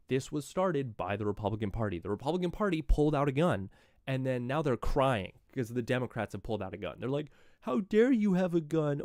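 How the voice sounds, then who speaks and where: A man's voice: mid-range voice, a little mellow, no echo, clean studio sound. A man live-streaming political commentary, reading news items aloud and breaking into profane, mocking rants.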